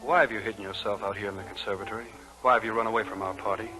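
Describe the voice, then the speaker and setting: A man's voice: lowish voice, fairly even intonation, racing, over music, lightly acted, rough recording. An actor playing Newland, an ardent young man in love, in a 1940s radio play, urging and pleading. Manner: urgent, pleading, breathless romantic. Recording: old radio broadcast with faint hiss.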